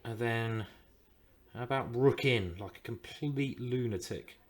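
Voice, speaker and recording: A man's voice: medium pitch, measured pace. Man thinking aloud over chess. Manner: thinks aloud, swears and groans over moves. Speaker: chess streamer. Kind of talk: live chess commentary.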